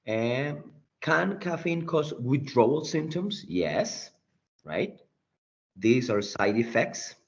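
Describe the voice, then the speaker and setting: A man's voice: mid-range voice, big pitch swings, takes it slowly. A man teaching an English class online, walking students through a quiz and checking in with "right?" often. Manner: explanatory, checking in with frequent "right?". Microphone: computer mic on a video call. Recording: dull lo-fi meeting recording.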